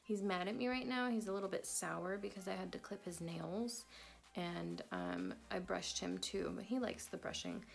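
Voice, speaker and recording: A woman's voice: very animated, normal speed, gravelly. A pregnant young woman in her twenties, chatting casually in a vlog update. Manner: chatty, talks baby-talk to her cat in a high sing-song voice. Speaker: vlogger.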